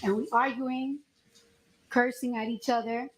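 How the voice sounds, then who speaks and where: A woman testifying as a witness, retelling events in a lively, slangy way with acted-out quotes. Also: a little high, a little slow. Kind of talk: courtroom testimony, storytelling. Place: echoey courtroom. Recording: echoey courtroom with faint noise.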